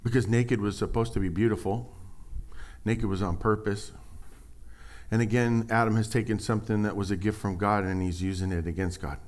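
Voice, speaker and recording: A middle-aged man preaching a sermon, animated and joking, acting out voices as he tells stories. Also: fairly low pitch, moderate pace. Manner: animated storytelling, acts out voices, jokes and sarcasm. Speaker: pastor.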